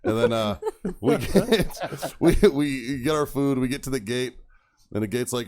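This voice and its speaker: A man's voice: medium pitch, expressive, fairly quick, a crowd in the background. A young man telling profane stories on a casual podcast, laughing often and acting out quoted voices. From Texas. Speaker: podcast co-host. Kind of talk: casual storytelling chat.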